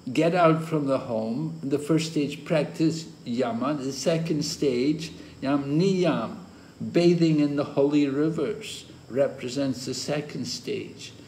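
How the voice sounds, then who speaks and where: Slow, deliberate man lecturing. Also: a little high, darkish tone. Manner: slow, deliberate explaining with occasional chuckles. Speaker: spiritual teacher leading a scripture course. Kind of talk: scripture class lecture. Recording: roomy echo with faint ambient noise.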